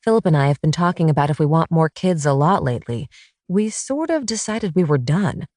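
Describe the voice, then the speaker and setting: A woman's voice: low voice, animated, a little fast, darkish tone, no echo, studio quality. A woman reading as a chatty young mother in an audiobook, speaking eagerly and explaining.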